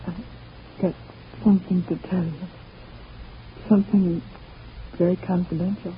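Mary, a slow, adoring sweetheart. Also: female voice, fairly low pitch, flat delivery, gravelly, a little hiss or hum. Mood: tender. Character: devoted loving sweetheart, soft and adoring. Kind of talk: 1930s radio drama acting. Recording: dull lo-fi old radio recording.

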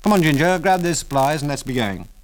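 A man voicing a calm, unflappable British pilot hero who speaks in clipped, even tones. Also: on the high side, quick pace, voice pushed up, lightly acted. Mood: cool.

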